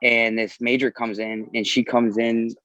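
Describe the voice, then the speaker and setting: A man's voice: mid-range voice, level tone, measured pace, a bit bright, no echo. Army vet guy in his 30s telling his story, swears a lot, kinda dull dry audio. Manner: candid, swears freely. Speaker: army veteran guest. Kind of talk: personal storytelling in a podcast interview.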